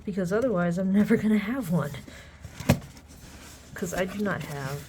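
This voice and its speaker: A woman chatting casually as she unboxes a collectible on her channel, excitable and sometimes dropping to soft murmurs. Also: medium pitch, normal speed, background noise. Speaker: unboxing vlogger.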